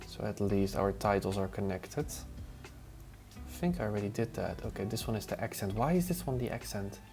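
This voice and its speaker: A man talks fairly quickly in a lowish voice while testing design software live. On this casual stream he mumbles to himself as he works, stopping between tasks to answer chat, with easygoing music playing.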